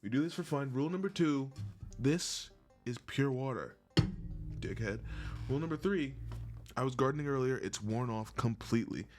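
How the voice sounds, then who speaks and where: A man's voice: medium pitch, animated, normal speed, pauses often, darkish tone, faint music behind. A man rambling to camera in a goofy, scattered comedic monologue, swearing and laughing between half-finished thoughts. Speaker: video creator.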